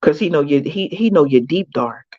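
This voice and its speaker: A woman's voice: low-pitched, lively intonation, moderate pace, no room sound, dull audio. A woman who advocates for prisoners, giving an emphatic, preachy motivational talk, repeating phrases and calling her listeners baby.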